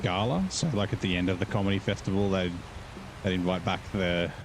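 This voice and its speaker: Man, low voice, easygoing gameplay rambler, cusses casually; heavy game engine noise under the voice. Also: steady tone, a little fast. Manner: rambling, chatty, swears casually. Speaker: gaming channel host.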